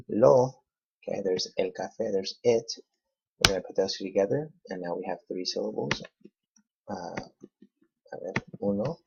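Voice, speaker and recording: Guy teaching spanish grammar, gravelly rough voice, walks through it slow and patient. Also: sits low, a little mellow. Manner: patient, step-by-step explaining. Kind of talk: classroom grammar lesson. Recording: dull lo-fi recording.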